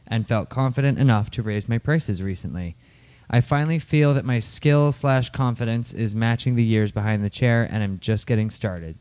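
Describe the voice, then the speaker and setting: A man co-hosting a salon talk show, reading a listener's note in a steady, plain voice. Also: medium pitch, clear, resonant tone. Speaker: co-host.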